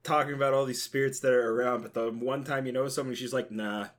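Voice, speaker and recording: A man's voice: medium pitch, little pitch movement, racing, a crowd in the background. A young man teasing his friend in casual chat. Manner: teasing, jokey. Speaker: friend in conversation.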